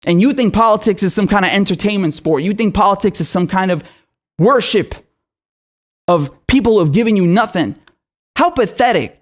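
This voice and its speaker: A man who is a political commentator, delivering an angry and profane rant full of rhetorical questions. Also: high voice. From Syria.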